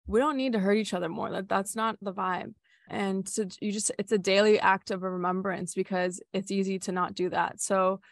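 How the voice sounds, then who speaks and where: A woman's voice: medium pitch, no room sound. Candid young woman, dry close sound. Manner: candid, filler-heavy with frequent "like", swears casually. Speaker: retreat facilitator. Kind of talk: casual personal storytelling.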